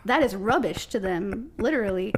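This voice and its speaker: A woman's voice: medium pitch, expressive, normal speed, slight background noise. Midwestern American woman, podcast guest, chatty storyteller who laughs a lot. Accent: American Midwest (Ohio). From Ohio, USA. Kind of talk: casual chat.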